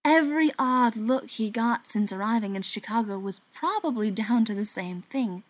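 A woman reading a story aloud in an even, soft narrating voice that sometimes drops to a whisper. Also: on the high side, moderate pace, dry recording.

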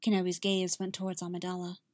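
A woman's voice: on the low side, completely flat delivery, quick pace, no echo. Woman reading a story, dry close sound. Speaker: reader. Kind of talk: fan fiction audiobook narration.

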